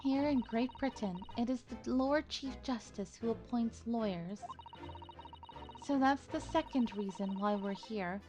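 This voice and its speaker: A woman voicing a polite, earnest young female assistant in a measured voice. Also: on the high side, over music, voice pushed up, close to an everyday voice.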